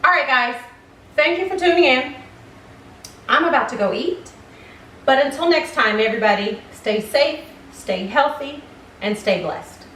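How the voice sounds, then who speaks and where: A woman's voice: sits high, a little slow, long pauses, bright, forceful tone, slight background noise. A woman hosting a casual home cooking vlog, chatty and exclaiming as she tastes her food in her kitchen. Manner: chatty, exclaims while tasting. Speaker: cooking channel host. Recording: roomy kitchen, mic at a distance.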